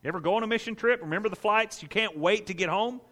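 A man preaching a sermon as pastor, telling the story with animated, playful asides, in a church. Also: high voice, fast. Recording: echoey hall.

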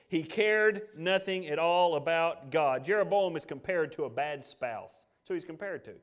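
A male pastor delivers a sermon in a slightly high voice. He preaches emphatically, rising to loud declarations and dropping to hushed asides. He reads scripture aloud and speaks God's lines in quotes. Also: normal speed, hardly any pauses.

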